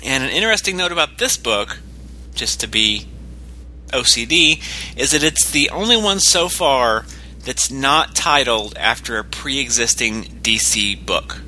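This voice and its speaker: Podcast cohost guy, super bright voice, faint hiss behind, explaining stuff. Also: mid-range voice, lively intonation, unhurried. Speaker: podcast co-host. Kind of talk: casual chat.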